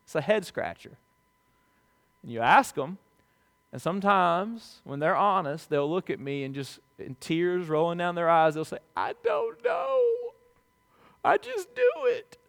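High-voiced pastor preaching conversationally. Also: male voice. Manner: conversational preaching with rhetorical questions; swings between hushed asides and emphatic swells. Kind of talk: sermon.

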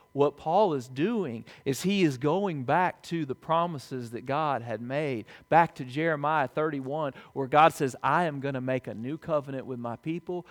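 A man pastor delivering a sermon in a conversational way, asking the congregation questions and moving between hushed, quiet asides and emphatic, louder swells. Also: mid-range voice. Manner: conversational preaching with rhetorical questions.

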